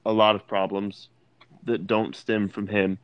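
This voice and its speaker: A man's voice: on the low side, level tone, a little slow, smooth, no room sound. A man co-hosting a casual movie podcast who talks hesitantly, with many restarts. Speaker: podcast co-host. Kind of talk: casual movie review chat.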